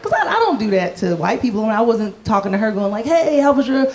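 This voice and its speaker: A woman's voice: mid-range voice, sing-song, fast, a little hiss or hum. A woman performing a stand-up comedy set. She is playful and self-mocking, and she acts out the voices of the people in her stories.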